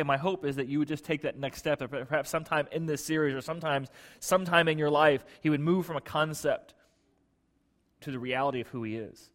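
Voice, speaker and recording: Male pastor preaching in a reverberant hall. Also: a little high. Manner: conversational preaching with frequent restarts and repeated words; swings between emphatic loud bursts and hushed asides. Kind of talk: sermon.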